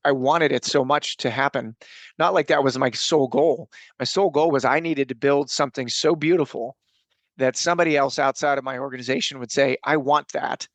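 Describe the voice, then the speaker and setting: Middle-aged male guest with a gravelly voice, earnest storytelling, dry close mic. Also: medium pitch, no room sound. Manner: earnest, rambling with frequent restarts. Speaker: podcast guest, coach and speaker. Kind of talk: casual interview storytelling.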